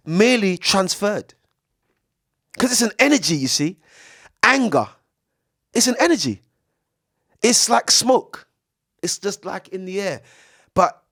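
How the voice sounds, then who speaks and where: Young man, swearing, lively preachy monologue, dry close studio sound. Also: fairly high pitch, no room sound. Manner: preachy, profane, animated, swings between loud and hushed. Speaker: podcast speaker. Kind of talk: casual monologue. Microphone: studio mic.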